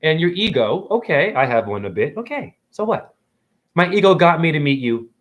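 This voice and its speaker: Animated, preachy man on a livestream. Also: on the high side, moderate pace, dull audio. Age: 40s. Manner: preachy, combative, swearing, asks the audience questions. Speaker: livestream host. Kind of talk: rambling livestream monologue. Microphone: phone.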